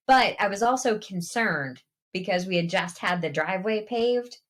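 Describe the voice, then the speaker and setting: A woman's voice: medium pitch, normal speed, hardly any pauses, faint music behind. A woman co-hosting a podcast tells a childhood story in an easy, chatty way. Her voice sits at an ordinary middle height, and she laughs her way through the funny parts. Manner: animated, laughing anecdote-teller. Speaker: podcast co-host. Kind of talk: casual storytelling chat.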